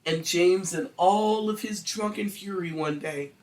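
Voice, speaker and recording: Animated, crude true-crime podcast storyteller. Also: medium pitch, unhurried, distant mic. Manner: animated, crude, acts out quotes. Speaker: podcast host telling the story.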